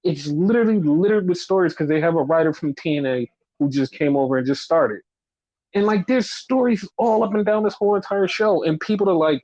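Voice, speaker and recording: Profane high-voiced man ranting, lo-fi. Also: animated, brisk, darkish tone, dry recording. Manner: profane, exasperated ranting with mocking quoted voices. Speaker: podcast host. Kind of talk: casual wrestling podcast rant. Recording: dull lo-fi dry sound.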